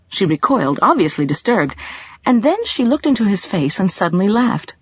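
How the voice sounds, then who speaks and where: A woman narrating a mystery audiobook in an expressive, storytelling manner. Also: medium pitch, normal speed, slightly rough, no echo, dull audio.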